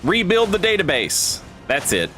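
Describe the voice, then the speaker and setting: A man's voice: high-pitched, huge pitch swings, a little slow, bright, forceful tone, soft background music. A man streaming a game and chatting casually, rambling and stammering, swearing, reading chat aloud.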